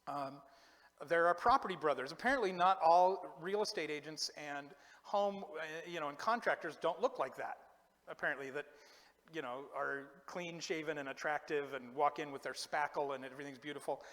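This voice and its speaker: A man preaching in a relaxed, joking way, poking fun at himself as he talks to the congregation. His voice sits a little high for a man and rings with a long echo off the church hall. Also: moderate pace. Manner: chatty, self-deprecating, joking asides. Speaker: pastor. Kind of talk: casual humorous sermon. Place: church sanctuary.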